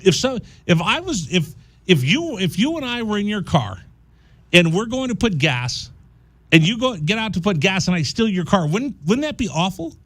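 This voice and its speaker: This is a male college radio host spinning a comic story in casual banter. His voice sits high and swings widely as he plays up the punchlines. The studio sound is close and dry. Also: moderate pace, dry recording. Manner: animated, jokey storyteller who slips into mock voices.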